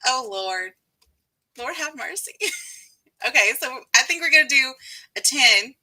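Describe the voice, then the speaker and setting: Bright-voiced giggly Texan woman. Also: sits high, animated, a little slow. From Texas. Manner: giggly, chatty, frequent laughter. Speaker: livestream host. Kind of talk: casual live-stream chat.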